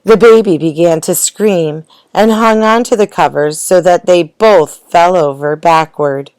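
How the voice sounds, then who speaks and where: Woman storyteller, picture-book read-aloud, unhurried and expressive, low pitch. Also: clear, resonant tone, no echo. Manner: slow, gentle, expressive. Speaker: storybook reader.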